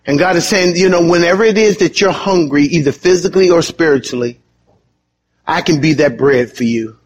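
A man preaching a sermon in an animated, conversational way, with sudden high emphatic bursts and quick chuckles. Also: slight background noise. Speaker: pastor.

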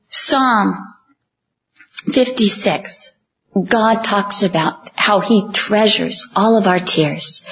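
A woman preaching a sermon, earnest and emphatic, slowing down on key lines and acting out the voices she quotes. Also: mid-range voice, a bit bright, muffled recording.

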